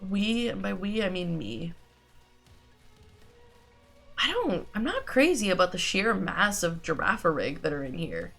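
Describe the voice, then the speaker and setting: Wry, low-energy woman streamer. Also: big pitch swings, unhurried, vocal fry, long pauses, a bit bright, soft background music. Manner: wry, sarcastic, swears casually. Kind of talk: game livestream commentary.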